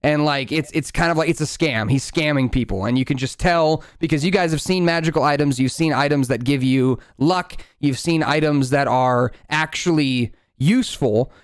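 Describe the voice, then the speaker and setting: A man's voice: a little high, normal speed, few pauses, smooth, no room sound, clean studio sound. A man running a tabletop game as game master, narrating loosely with lots of fillers and restarts.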